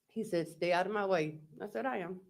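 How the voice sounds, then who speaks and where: A woman testifying as a defendant in court. She reads text messages aloud in a slow, halting, plain-spoken way, recounting each exchange with "I said" and "he said.". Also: lowish voice, creaky.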